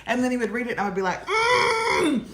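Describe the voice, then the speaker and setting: A woman with a slightly high voice talks rapid-fire as co-host of a casual morning livestream, joking and telling stories in a chatty, teasing way. The room sounds roomy and echoey, with faint noise.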